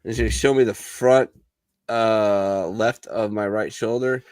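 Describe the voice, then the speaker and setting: A man with a fairly low voice talks in a loose, bar-style chat among veterans. He swears freely and tells stories bluntly, switching into the voices of the people he describes. His voice sounds close and dry, with no room echo. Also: fairly even intonation, unhurried, darkish tone. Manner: profane, blunt storyteller who acts out others' lines. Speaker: veteran podcast co-host.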